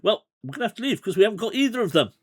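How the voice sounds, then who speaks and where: Racing along in a high, very animated voice with a breathy edge, this man plays a gamebook for his livestream. His talk is casual and meandering, dotted with chuckles and offhand comments.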